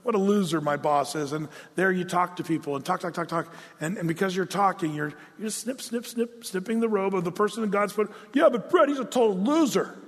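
A man's voice: high-pitched, a bit bright, husky, in a large hall. A man preaching a sermon, telling a story and acting out the quotes with playful asides. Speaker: pastor.

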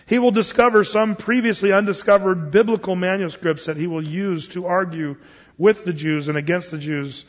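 A man preaching a sermon as pastor, talking conversationally with frequent restarts and fillers. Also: high-pitched. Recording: dull lo-fi sound with long hall reverb.

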